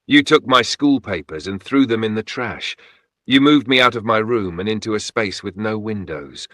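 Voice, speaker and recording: A man's voice: fairly low pitch, expressive, normal speed, sharp tone, no echo, clean studio sound. A man voicing a mistreated young woman who speaks up with emphatic accusations. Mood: accusing.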